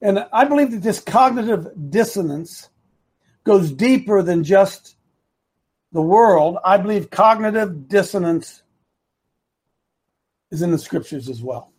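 A man's voice: high voice, expressive, measured pace, long pauses, a little mellow, husky. A man hosting a live opinion talk show, rambling and repeating himself for emphasis while talking to his producer and the chat.

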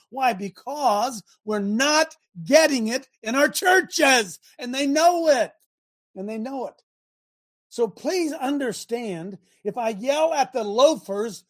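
A man hosting a faith talk show, exhorting his audience like a coach, with shouted bursts, laughs and repeated phrases. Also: very high voice, expressive, moderate pace.

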